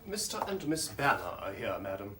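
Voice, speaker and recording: An actor playing a formal, deferential manservant announcing guests in a period television drama. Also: male voice, on the low side, sing-song, fairly quick, pushed and bright. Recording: distant, roomy and noisy.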